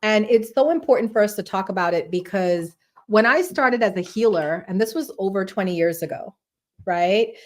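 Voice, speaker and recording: Chatty middle-aged woman hosting a livestream. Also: mid-range voice. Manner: chatty, friendly, says "right?" often. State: out of breath. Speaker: podcast host and wellness center owner. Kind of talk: casual livestream talk.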